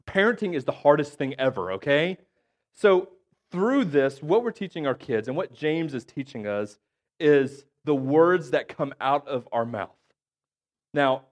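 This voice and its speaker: A man in his thirties with a cough, preaching a conversational sermon as a pastor and checking in with the congregation after nearly every point. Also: on the high side. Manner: chatty, keeps checking in with "okay?" and "right?". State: has a cough.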